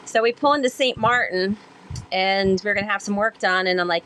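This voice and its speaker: A woman talks as a podcast guest, telling stories in an animated, rambling way with plenty of "um"s and "like"s. Her voice sits at a middle pitch. Faint noise runs quietly behind her. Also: a little fast, low-quality recording. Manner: animated, rambling storytelling with many fillers. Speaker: guest, sailor and author. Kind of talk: conversational storytelling interview.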